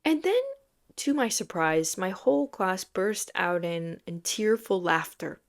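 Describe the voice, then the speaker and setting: A woman's voice: medium pitch, unhurried. A young woman telling funny stories in a casual, self-mocking podcast chat, sometimes dropping to a whisper. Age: young adult. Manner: chatty, self-mocking, animated storytelling with frequent laughs and dropped whispers. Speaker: podcast host.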